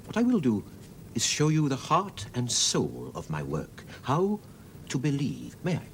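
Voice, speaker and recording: A man's voice: medium pitch, wildly swooping pitch, a little slow, gravelly, a little hiss or hum, full character voice. An older man playing a retired stage actor in a period TV drama, speaking in a grand, courtly, theatrical way.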